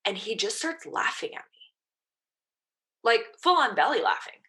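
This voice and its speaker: A woman's voice: fairly high pitch, big pitch swings, moderate pace, pushed and bright. A woman in her thirties, a mental performance coach, casually telling her story as a podcast guest and quoting her own past thoughts.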